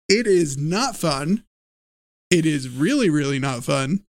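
A man co-hosting a podcast in casual chat, telling animated stories with frequent laughs and swearing. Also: a little high, takes it slowly, no room sound. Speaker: podcast co-host.

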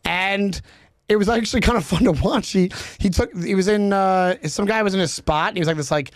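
A man's voice: high-pitched, brisk, dry recording, studio quality. A man co-hosting a podcast in casual chat, telling stories and acting out the voices in them. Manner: animated storyteller who acts out quotes. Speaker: podcast co-host.

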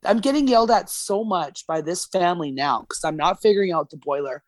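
A woman's voice: on the low side, animated, fairly quick, dry recording. A woman guest on a casual podcast, telling a story with lots of swearing and acted-out quotes. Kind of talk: casual chat. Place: podcast studio.

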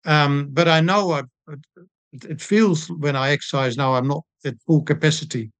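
An older man, a sports doctor telling stories in a relaxed interview, with frequent pauses and ums. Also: on the high side, dry recording. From New Zealand. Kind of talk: casual storytelling interview.

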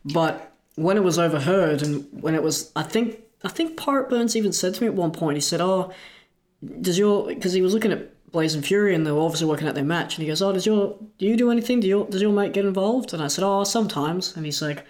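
A man's voice: high voice, animated, quick pace. Chatty man recounting an old story. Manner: loose and chatty, full of likes and asides. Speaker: wrestler recalling a story. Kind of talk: casual storytelling chat.

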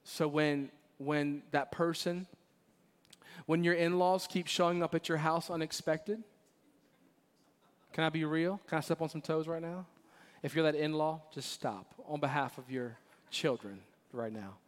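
A pastor in his forties giving a sermon, telling stories with laughter and moving between loud emphasis and quiet, earnest lines. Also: on the high side, measured pace. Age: 40s. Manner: animated storytelling with laughter, swings between loud and hushed. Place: church sanctuary. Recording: long reverb of a church hall.

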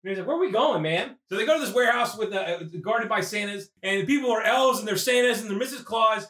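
High, fast-talking man recapping a movie. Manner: crude, animated, breaks into shouted character voices. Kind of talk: rambling comedic movie recap. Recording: echoey room, far from mic.

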